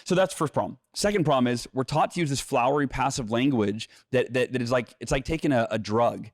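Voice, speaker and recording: A middle-aged man speaking as an interview guest, animated and earnest, slipping into little acted-out voices to make his points. His voice sits at an ordinary middle pitch. The studio sound is dry and close, with no room around it. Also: fairly quick, no room sound. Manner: energetic, acts out inner voices and quotes; repeats words when restarting. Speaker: author and guest. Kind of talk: conversational interview, teaching.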